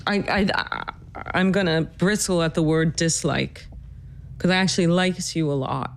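A woman's voice: low-pitched, slight background noise. Earnest woman narrating a family story. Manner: earnest, emotional, measured storytelling. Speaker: host and narrator. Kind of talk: narrated personal podcast with interview.

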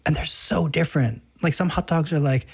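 A man's voice: a little high, a little fast, darkish tone, breathy edge. A man hosting a casual interview, asking playful, chatty questions. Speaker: interviewer host.

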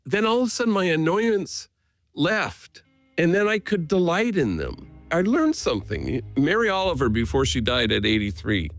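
A man, a priest being interviewed, speaking earnestly and gently as he tells stories. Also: fairly high pitch, big pitch swings, normal speed, soft background music. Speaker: Jesuit priest, guest. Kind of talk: reflective conversational storytelling.

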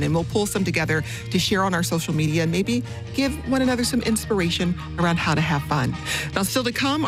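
A radio talk show host reading out a listener's message and briskly wrapping up the segment. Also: medium pitch, fairly bright tone.

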